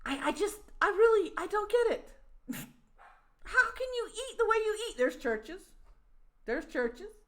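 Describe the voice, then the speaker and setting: Brief: woman streamer, high voice, exasperated and sweary, casual reaction rant. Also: sing-song, measured pace, pauses often, a bit bright. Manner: profane, mocking, exasperated.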